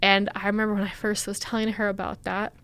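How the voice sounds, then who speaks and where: A woman's voice: mid-range voice, little pitch movement, fairly bright tone, clear, resonant tone. Candid young woman telling her story. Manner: candid, halting, with many fillers. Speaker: guest. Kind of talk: personal storytelling in a podcast interview.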